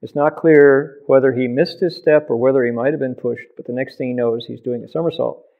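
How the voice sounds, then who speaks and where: A man telling a story with lively sound effects and acted quotes, recorded in an oral history interview. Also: medium pitch, fairly quick, gravelly. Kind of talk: animated storytelling. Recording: tinny phone-like sound.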